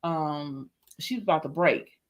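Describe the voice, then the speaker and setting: A woman's voice: sits low, unhurried. A woman hosting a live stream, chatting casually and animatedly, laughing often and reading viewers' comments aloud. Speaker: livestream host reviewing a soap opera.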